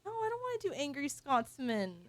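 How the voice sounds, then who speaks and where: Brisk with big pitch swings, this high woman's voice has no echo. She's a game streamer chatting casually on stream while playing, in a playful, teasing, self-deprecating manner.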